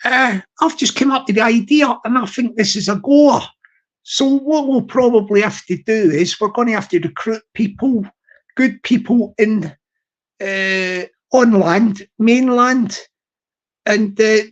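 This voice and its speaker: A man hosting a livestream, rambling through a comic monologue with halting starts and repeated phrases. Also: high-pitched. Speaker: livestream host. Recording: slightly muffled audio.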